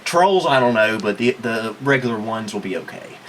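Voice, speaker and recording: A man hosting a casual retro computer review, talking in a relaxed, rambling way full of ums. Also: on the low side, moderate pace, a little hiss or hum. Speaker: host. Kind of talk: casual tech review chat.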